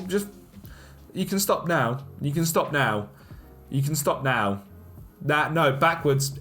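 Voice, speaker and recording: A man with a slightly high voice calls his football game as it plays out. He swings from hushed grumbling to loud, animated cheering and complaining at the referee. Faint music runs behind him. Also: slow pace, long pauses. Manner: animated, shouts at the referee, self-mocking. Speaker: gaming YouTuber. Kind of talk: excited game commentary.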